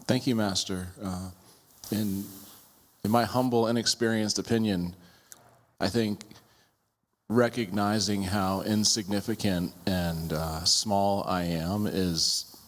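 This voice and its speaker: A man answering as a student in a Dharma lecture, humble and hesitant, speaking softly. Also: on the low side, fairly even intonation, slow. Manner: humble, hesitant, soft-spoken. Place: temple lecture hall. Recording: long hall reverb.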